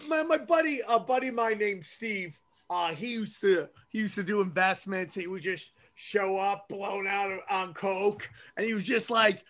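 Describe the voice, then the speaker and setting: A man's voice: high voice, moderate pace, hardly any pauses. A middle-aged man hosting a casual podcast, telling stories animatedly and swearing freely. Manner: animated storyteller, swears freely, acts out quotes. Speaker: host, comedian.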